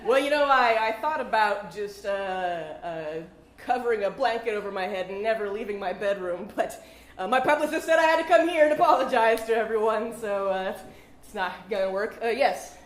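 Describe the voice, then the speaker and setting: A woman's voice: mid-range voice, close to an everyday voice. A woman in an improv comedy scene, playing a male star athlete who stammers through an apology at a press conference, recorded in an echoey coffeehouse. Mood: flustered. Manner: halting, apologetic, full of stammers and fillers. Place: coffeehouse stage. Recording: echoey coffeehouse room, faint noise.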